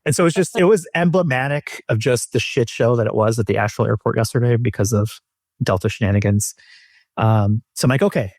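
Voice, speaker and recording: A man hosts a podcast and tells a story in loose, casual chat. He is animated and swears freely, voicing the people he quotes. His pitch sits in the middle and the sound is dry. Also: fairly quick, no room sound. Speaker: podcast host.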